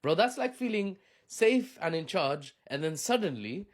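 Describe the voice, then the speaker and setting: Male vlog host, casual chatty commentary, lively swooping intonation, jokey and self-mocking. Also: a little high, measured pace. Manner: joking, chatty, laughs often, self-deprecating asides. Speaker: video host.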